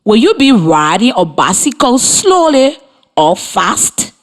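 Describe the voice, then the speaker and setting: Woman radio teacher from Liberia, slow and clear, lively rising pitch, encouraging. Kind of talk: scripted radio lesson for children.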